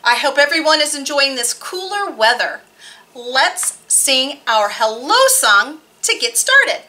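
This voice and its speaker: A woman runs a children's storytime, her voice high and bright. She reads slowly and swoops up and down with animated, sing-song emphasis. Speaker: children's librarian. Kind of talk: storytime reading and singing for kids.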